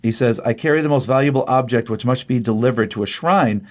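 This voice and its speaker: Recapping a comic book plot in a casual, lively way, this medium-pitched man slips into quick character voices whenever he quotes someone.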